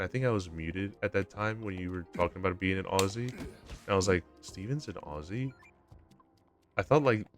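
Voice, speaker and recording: Young male streamer, low voice, loose rambling chat with faint game music behind. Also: fairly bright tone. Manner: rambling, full of fillers and restarts. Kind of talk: casual live-stream chat while gaming.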